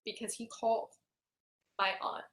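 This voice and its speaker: A woman telling a painful personal story in a client intake session, often dropping to a soft near-whisper. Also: normal speed. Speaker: hypnosis client. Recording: roomy echo.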